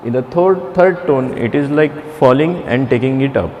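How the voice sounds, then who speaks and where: A man teaching a beginner Chinese class, speaking haltingly with many restarts and fillers. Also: medium pitch, darkish tone, long reverb tail, slight background noise. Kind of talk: classroom lecture.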